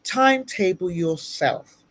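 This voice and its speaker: Speaking slowly in a lowish, expressive voice, a guest speaker and ministry leader gives earnest motivational advice during an interview. She goes back over her main points for emphasis, and the audio is captured through a video-call mic.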